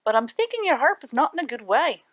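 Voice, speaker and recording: A woman voicing a small, sly male leprechaun who speaks high and forceful. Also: very animated, quick pace, dry recording. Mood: pleading, scolding, sly.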